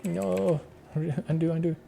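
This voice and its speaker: Australian dev streamer, young guy, low mellow voice with a gravelly edge, thinks out loud. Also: steady tone, takes it slowly, slight background noise. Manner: muttering to himself while working, chuckling. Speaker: streamer, app developer. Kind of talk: casual live coding stream.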